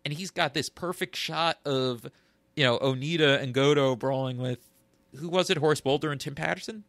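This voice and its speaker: A man co-hosting a podcast in casual chat, thoughtful and halting as he recalls details. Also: a little high, a bit bright, no room sound. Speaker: podcast co-host.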